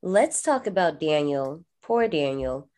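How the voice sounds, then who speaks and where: Animated, profane woman recapping movies. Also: measured pace. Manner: animated, profane, acts out quoted lines in a high voice. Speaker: podcast co-host. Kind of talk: casual horror movie recap chat.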